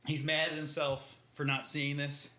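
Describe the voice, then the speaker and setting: A man's voice: on the high side, little pitch movement, moderate pace, sharp tone. A man co-hosting a podcast, recapping a book chapter in a laid-back, slangy way and acting out the characters' lines. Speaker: podcast co-host. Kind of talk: casual book-discussion chat.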